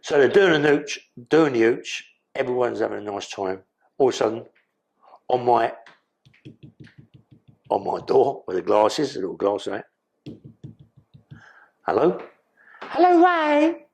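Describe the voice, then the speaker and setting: Man, rambling storytelling, heavy swearing, husky voice, gravelly edge. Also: medium pitch, normal speed, pauses often, darkish tone. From London. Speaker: podcast guest. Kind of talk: casual storytelling.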